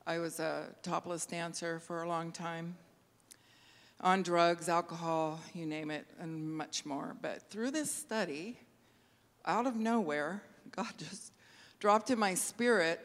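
Emotional woman in an echoing hall. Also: fairly low pitch. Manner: halting, laughs and tears up while speaking. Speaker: church member giving testimony. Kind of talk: emotional personal testimony. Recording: long reverb of a large hall.

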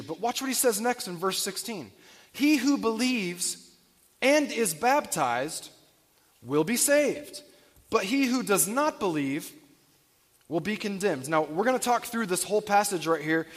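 A man with a high, light voice preaches a sermon, working through scripture and asking his listeners questions. His voice rings with a long reverb from a large church hall. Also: a bit bright. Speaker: pastor. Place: church sanctuary.

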